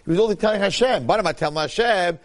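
A man's voice: high voice, rapid-fire. A man giving an informal Torah class, repeating his points and acting out the quotes he tells. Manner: animated, acts out quotes, repeats phrases. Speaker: Torah teacher.

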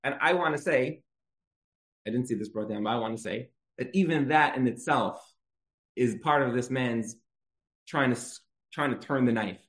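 A man's voice: mid-range voice, normal speed, a bit bright. Conversational man giving a Torah lecture. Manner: conversational, repeats key phrases for emphasis. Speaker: Torah teacher. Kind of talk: religious lecture with storytelling.

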